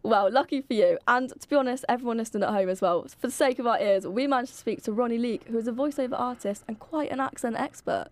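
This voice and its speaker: A woman's voice: on the high side, quick pace, hardly any pauses. A woman hosting a radio show, chatting casually and laughing easily.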